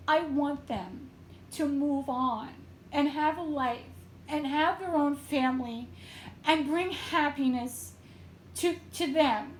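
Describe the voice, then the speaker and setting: A woman tarot reader and medium giving an emotional, tearful reading with a slow, pleading delivery. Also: high-pitched, roomy sound, a little hiss or hum.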